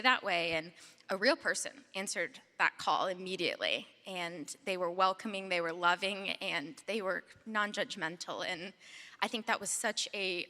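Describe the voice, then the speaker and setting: A woman's voice: on the low side, bright, forceful tone, long reverb tail. A young woman guest speaker giving an earnest, emotional personal testimony on stage, with light laughs between lines.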